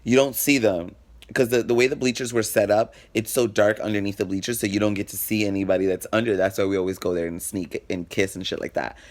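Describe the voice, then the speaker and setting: A man's voice: fairly low pitch, fairly even intonation, quick pace. A man vlogging a personal story in a frank, profane, dramatic way, acting out what people said. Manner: acts out quoted exchanges. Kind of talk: casual storytelling.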